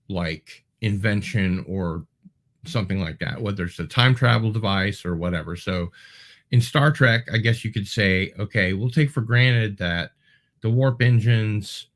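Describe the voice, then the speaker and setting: Lower-voiced man rambling through viewer comments. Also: unhurried. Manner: rambling and digressive, with many ums and restarts. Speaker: show host. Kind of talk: casual livestream chat, answering viewer comments.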